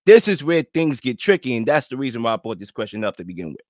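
A man's voice: medium pitch, big pitch swings, quick pace, a little mellow, no room sound, clean studio sound. A man hosting a podcast, talking in a rambling, conversational way with lots of fillers. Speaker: podcast host. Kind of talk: casual debate chat.

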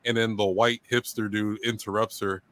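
A man's voice: lowish voice, level tone, normal speed, a bit bright. A man co-hosting a podcast, retelling a scene in loose casual chat. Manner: loose storytelling, acting out quotes.

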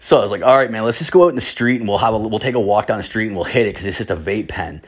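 A man's voice: lowish voice, very fast, breathy edge. A young man casually telling a rambling story, swearing constantly and acting out other people's voices.

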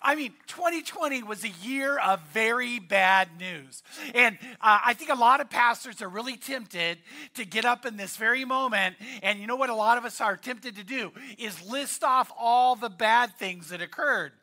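A male pastor preaching in a relaxed, joking way. His voice is very high and strikingly bright, and he repeats key lines for emphasis. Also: normal speed. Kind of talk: sermon.

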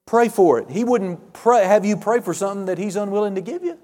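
A man preaching a fervent sermon, calling out amens and hallelujahs, swinging between loud and hushed. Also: high-pitched, brisk, long reverb tail. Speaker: pastor.

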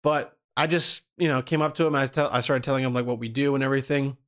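A man's voice: mid-range voice, fairly even intonation, quick pace, a bit bright. A man telling a long personal story in casual talk, rambling with restarts and swearing freely. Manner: rambling, swears freely, acts out quoted people.

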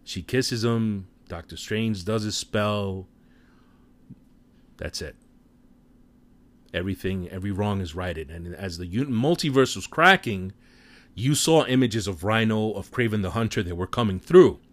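A man casually retelling a movie plot in an animated way, with offhand swearing. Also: fairly low pitch, a little slow, pauses often, no room sound. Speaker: film recap commentator.

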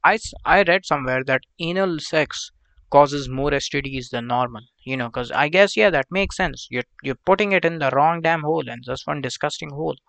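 A man with a fairly high, creaky voice and a fairly bright tone hosts a solo podcast at a normal speed, with no echo. He rambles crudely and meanders, swearing a lot and filling his talk with fillers, asides and side tangents.

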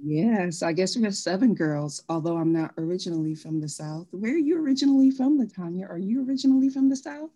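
A woman from Trinidad, chatting quickly and animatedly about her experiences. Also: mid-range voice. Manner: fast, animated storytelling with laughs. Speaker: co-host. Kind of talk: casual chat.

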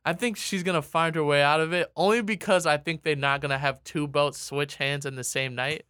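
A man co-hosting a casual podcast, animated and often laughing as he chats. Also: on the high side, clean tone, no room sound, studio quality. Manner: animated, laughing, quick impressions. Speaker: podcast co-host. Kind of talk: casual wrestling podcast chat.

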